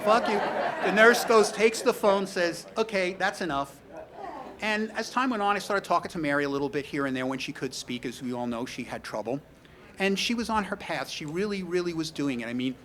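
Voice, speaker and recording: This middle-aged man has a New York accent and a slightly high, fairly bright voice. Speaking at a memorial tribute, he tells stories in a rambling, anecdotal eulogy, full of "you know" and wry humor.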